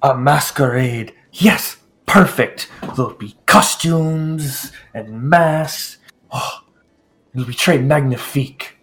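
Guy doing a snooty noble lord, slow fancy drawl, voice all over the place. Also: mid-range voice, very animated. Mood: pompous. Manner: drawn-out, theatrical, affected aristocratic drawl. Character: pompous fussy male noble lord, host.

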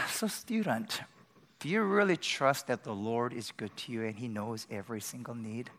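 A man preaching a sermon to students, telling a story with sudden loud bursts. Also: medium pitch, normal speed. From Korea. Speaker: pastor.

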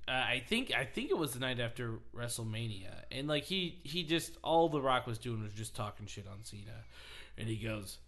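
Male podcast host, casual and comedic; bright, clear tone; lively storyteller who slips into voices. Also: medium pitch, normal speed. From St. Louis, USA. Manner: animated storyteller, acts out quoted lines, laughs often.

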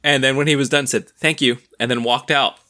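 A man chats on a podcast, telling a long, rambling story with amused asides. His voice is bright and forward, and his pitch sits in a middle range. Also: steady tone, brisk. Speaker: podcast co-host. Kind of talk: casual chat.

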